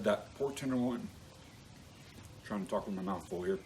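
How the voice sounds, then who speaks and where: A man walking through a recipe in a relaxed, folksy way, with plenty of ums and restarts. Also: on the low side, normal speed, creaky, a little hiss or hum, low-quality recording. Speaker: cook team captain demonstrating a recipe. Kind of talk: casual cooking demonstration. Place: outdoor grill setup.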